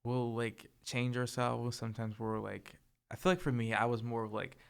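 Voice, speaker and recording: A soft-spoken young man co-hosting a casual podcast chat, talking hesitantly with lots of filler words. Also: medium pitch, level tone, moderate pace, vocal fry, smooth. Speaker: podcast co-host.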